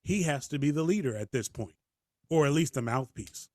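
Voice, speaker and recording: A man co-hosting a casual podcast chat, animated and quick to laugh. His voice sits fairly high, and it is recorded dry and close. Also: dry recording. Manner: animated, laughs, acts out quotes. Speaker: podcast co-host.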